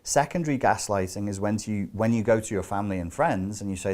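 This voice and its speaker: A man with a fairly low voice teaching a self-help lesson. He lectures emphatically and asks rhetorical questions. His delivery stays loose and conversational, with casual asides. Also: quick pace, darkish tone. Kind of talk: spoken lecture.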